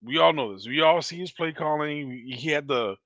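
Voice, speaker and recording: A man's voice: a little high, fairly quick, fairly bright tone, no echo, muffled recording. A middle-aged man co-hosting a casual sports podcast, telling stories bluntly and swearing freely. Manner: blunt, profane storytelling. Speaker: podcast co-host.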